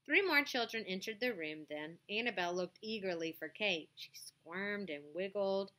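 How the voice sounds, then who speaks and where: Bright-voiced woman reading kids' chapter book, plain and gentle. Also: medium pitch, lively intonation, normal speed, few pauses. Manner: plain, gentle storybook reading with casual asides. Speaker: storyteller reading aloud.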